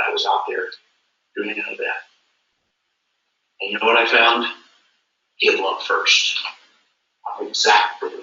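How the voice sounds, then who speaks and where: A man's voice: very high voice, pushed and bright. A man giving a motivational stage speech at a company event, emphatic and repetitive. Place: large event hall. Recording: echoey hall from far off, dull.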